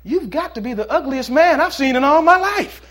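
A man voicing a cheeky male shop parrot that shouts insults during a sermon story. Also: extremely high pitch, animated, moderate pace, pitched above the performer's own voice. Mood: blunt, brazen. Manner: loud, blurting insults.

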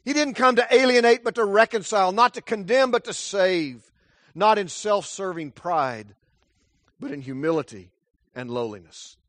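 Male preacher, sermon, high voice, dry close sound, dramatic storytelling. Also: moderate pace, no echo. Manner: dramatic storytelling, wide swings from loud to hushed.

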